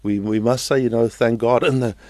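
A man's voice: medium pitch, steady tone, quick pace, a little mellow, dry recording. A male pastor preaching a sermon and leading prayer, earnest and repeating phrases for emphasis.

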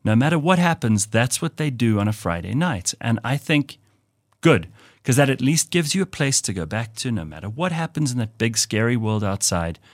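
A man hosting an interview, asking long, thoughtful questions with fillers and pauses. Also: medium pitch, sing-song, no echo, studio quality. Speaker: interview host. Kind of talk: conversational interview.

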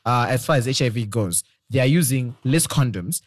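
Lively man chatting. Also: medium pitch, normal speed, a little hiss or hum. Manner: animated, rambling with restarts. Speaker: co-host. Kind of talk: casual podcast chat.

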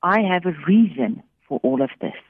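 A wealthy businesswoman speaks gently and graciously, as a storyteller plays her. Her voice sits a little higher than the teller's own and stays calm and kind. It comes through a thin, dry, phone-like radio line. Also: moderate pace, breathy edge, no echo. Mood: reflective.

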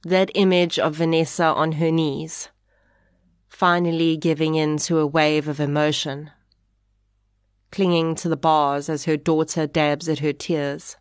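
A woman narrating a podcast, reading a measured, reflective script. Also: low voice, level tone, clear, resonant tone, dry recording, clean studio sound.

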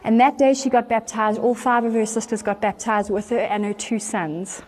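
A woman's voice: on the high side, steady tone, normal speed, darkish tone. A woman preaching, retelling a story earnestly and with animation. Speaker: church speaker. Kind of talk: storytelling sermon.

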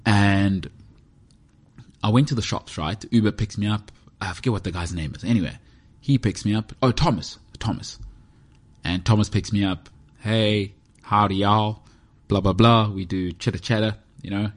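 Man, podcast host, solo casual chat, rambling, self-deprecating jokes, lowish voice. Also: normal speed, a little mellow, husky. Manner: rambling, self-mocking joking. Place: indoors, heated room.

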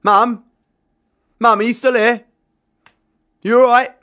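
A man's voice: mid-range voice, unhurried, voice pushed up, natural voice. A man performing a narrative poem, voicing a distraught, raging young man. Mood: anxious.

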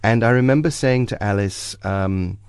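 A South African man with a very low voice speaks as a guest on a radio show, telling stories about his films. He pauses on ums and restarts his phrases. The studio sound is close and dry. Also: clear, resonant tone, dry recording. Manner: reflective, anecdotal, with frequent ums and restarts. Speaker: guest film director. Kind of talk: casual radio interview. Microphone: studio microphone.

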